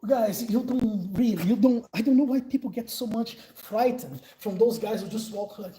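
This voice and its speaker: A Brazilian-accented man in his forties explains self-defense moves in a loose, chatty way, breaking into laughs. His voice sits high for a man. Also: normal speed, dark tone, slight background noise, poor audio. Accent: Brazilian Portuguese. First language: Portuguese. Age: 40s. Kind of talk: casual live Q&A and instruction.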